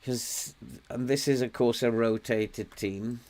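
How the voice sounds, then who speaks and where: A man's voice: mid-range voice, steady tone, slow, a little mellow. An older Welsh man giving casual gameplay commentary on his stream, chatting away, coaxing and scolding his virtual players and often chuckling. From Wales. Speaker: game streamer.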